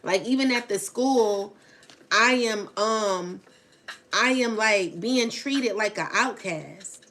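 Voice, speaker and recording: This woman does tarot readings for viewers in a casual vlog, speaking in a mid-range, fairly bright voice. She rambles, swears, and doesn't mince words.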